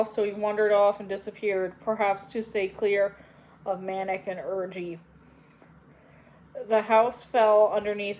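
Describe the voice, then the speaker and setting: A woman narrating an audiobook in a measured, unhurried way. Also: mid-range voice, a little mellow, low-quality recording. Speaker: audiobook reader.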